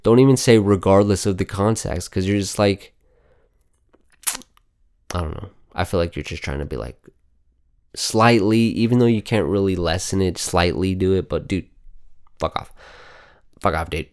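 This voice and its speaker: Male host for off-the-cuff news talk: blunt and profane, with a low, resonant voice. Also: normal speed, long pauses, a little mellow. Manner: reads headlines aloud and reacts with heavy swearing; blunt, outspoken. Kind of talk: casual news commentary.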